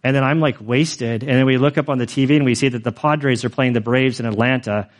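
A man's voice: mid-range voice, fairly even intonation, a little fast. Earnest rambling male preacher. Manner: rambling, heavy on fillers, earnest. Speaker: pastor. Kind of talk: sermon testimony.

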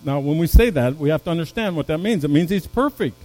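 Preaching as a pastor, a man speeds along with lively intonation, swinging from booming emphasis down to soft, low moments and stumbling into restarts. The audio is poor.

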